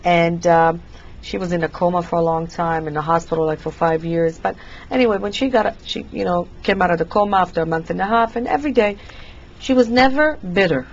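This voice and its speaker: A woman's voice: on the low side, a little fast, muffled recording, slight background noise. A middle-aged woman hosting a talk show, chatty and affirming, telling personal stories with many restarts.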